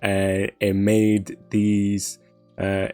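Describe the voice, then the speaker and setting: A man with a low, flat voice talks in a measured, reflective way, often pausing on fillers. He leads the podcast chat, and faint music plays underneath. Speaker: podcast co-host. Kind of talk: casual anime discussion.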